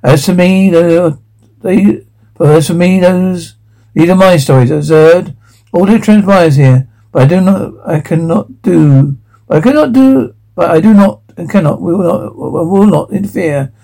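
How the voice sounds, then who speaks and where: Guy doing a solemn cosmic watcher, grave measured lines, bit of gravel. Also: high voice, warm tone.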